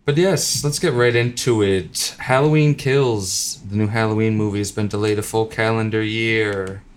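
A man's voice: lowish voice, steady tone, slight background noise. A man co-hosting a casual podcast about movies and TV, joking and laughing often. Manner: jokey, laughs often, quick asides. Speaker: podcast co-host.

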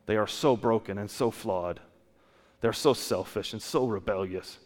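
A man voicing God the Father in a sermon, as a holy and loving figure who speaks softly and slowly. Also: fairly low pitch, big-room sound, close to an everyday voice. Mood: tender solemn. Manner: soft, slow and hushed.

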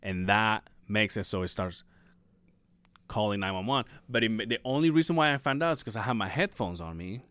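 A man's voice: lowish voice, a little fast, fairly bright tone, smooth, no room sound. A man co-hosting a podcast, telling a rambling story with a lot of swearing and laughter. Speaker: podcast co-host. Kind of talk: casual chat.

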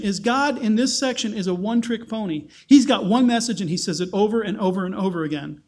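A man's voice: high-pitched, fairly quick, a little mellow. A man giving a casual, joking Bible teaching, often correcting himself as he goes.

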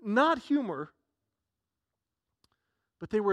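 Male pastor preaching a sermon, high voice, dry close sound, earnest with frequent restarts. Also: animated, measured pace, fairly bright tone, dry recording.

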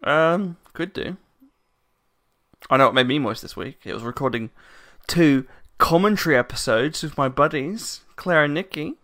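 A man's voice: a little high, animated, moderate pace, pushed and bright. A man co-hosting a podcast in casual chat, rambling and restarting his sentences, laughing often. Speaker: podcast co-host.

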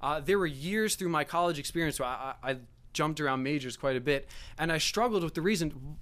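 A man's voice: fairly high pitch, a little fast, a bit bright. A young adult man preaching in an earnest, storytelling sermon, often restarting his sentences. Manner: earnest, with many restarts and stumbles.

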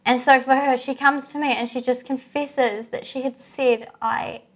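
A mother, co-hosting a casual chat and telling a family story with animated laughter. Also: sits high, normal speed. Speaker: podcast co-host, mother.

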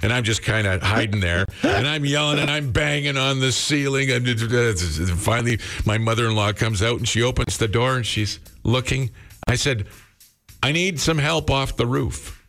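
A man's voice: mid-range voice, normal speed, a bit bright. A middle-aged man hosting a morning radio show, telling a long rambling anecdote with fillers and restarts. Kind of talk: casual radio storytelling.

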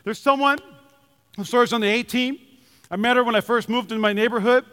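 Male pastor, very high and bright voice, passionate repetitive preaching in a church with long reverb. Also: fairly quick, smooth. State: sweaty. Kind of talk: sermon. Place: church sanctuary.

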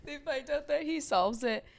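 A woman's voice: high-pitched, gravelly. A young woman co-hosting a podcast, laughing often and rambling through casual retellings. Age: young adult. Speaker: podcast co-host. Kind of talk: casual chat.

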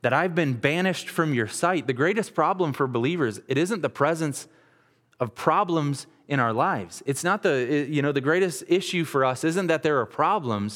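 A man's voice: on the high side, expressive, moderate pace, fairly bright tone, in a large hall. A man in his thirties, a pastor giving an earnest, conversational sermon with frequent restarts. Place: church sanctuary.

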